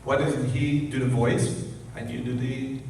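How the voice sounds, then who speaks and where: A man's voice: medium pitch, flat delivery, measured pace, a little mellow, a little hiss or hum. A man in the audience at a convention panel asking a long, rambling, teasing question. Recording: echoey hall from far off.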